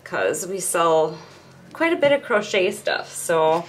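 This crochet tutorial features a middle-aged woman with a fairly low, slow voice, talking through each step at home while she works with her hands. Her manner is chatty and laid-back, and a faint hiss or hum sits under the audio.

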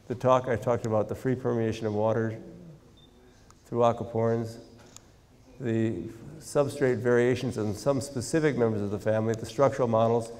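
An older American man lectures in a large university hall, his voice gravelly and mellow. He speaks in a measured, deliberate way and slips in dry humor. The long reverb of the hall trails behind every phrase. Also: medium pitch. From United States. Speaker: guest lecturer, scientist.

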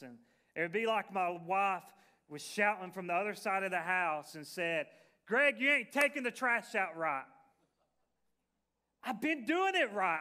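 A man's voice: on the high side, sharp tone, clear, resonant tone. A male pastor preaching a sermon in a conversational, folksy way, with fillers and restarts.

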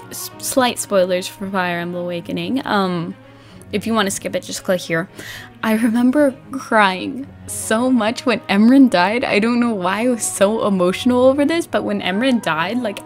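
Bubbly young woman chatting over faint music. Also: mid-range voice. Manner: bubbly, animated, laughs often, acts out her past reactions. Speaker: gaming vlogger. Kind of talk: casual chat.

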